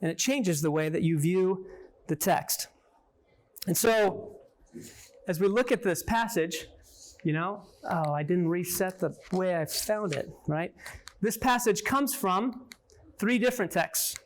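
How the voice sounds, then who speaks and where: A man's voice: sits high, unhurried. A man leading an interactive Bible teaching for a small group, often checking in with "right?" and questioning his listeners. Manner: conversational, peppers points with "right?" and questions to listeners.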